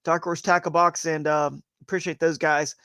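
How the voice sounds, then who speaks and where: A man's voice: a little high, level tone, normal speed, pushed and bright, no echo. A man co-hosting a live fishing show, chatting casually and rambling with frequent restarts. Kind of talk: casual live-stream chat.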